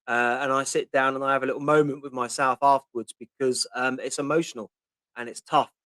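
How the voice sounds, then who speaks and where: A man's voice: medium pitch, fairly even intonation, a little fast, pushed and bright, dry recording. A man in his fifties with a Portsmouth accent, hosting a casual live-stream Q&A, chatting and reading out viewer questions with lots of ums. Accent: Portsmouth (Pompey). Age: 50s. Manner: chatty, answers viewer questions, reads comments aloud with many ums. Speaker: host.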